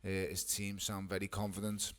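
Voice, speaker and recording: A man's voice: low voice, monotone, moderate pace, a bit bright. Blunt, joking man who swears freely. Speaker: boxer at a press conference. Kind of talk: press conference answers.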